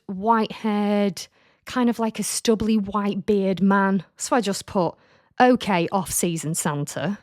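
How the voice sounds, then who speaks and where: A woman's voice: mid-range voice, no room sound, clean studio sound. A woman in her thirties hosting a podcast, frank, sweary and jokey as she reads out comments in casual chat. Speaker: podcast host.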